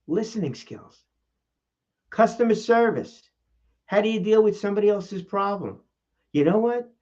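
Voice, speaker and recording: A man's voice: normal speed, lo-fi sound. A man hosting his own talking-head vlog about public speaking, talking casually to the camera and asking lots of rhetorical questions. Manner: animated, rhetorical questions, shifts pitch for emphasis. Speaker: vlog host and speaking coach. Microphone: camera mic.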